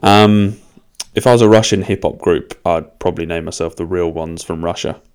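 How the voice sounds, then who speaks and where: A young man with a very deep, clear and smooth voice rambles through a casual solo podcast. His talk is loose and peppered with swearing. He keeps laughing at his own expense. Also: fairly even intonation, normal speed, darkish tone. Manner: loose, sweary and self-mocking. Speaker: podcast host.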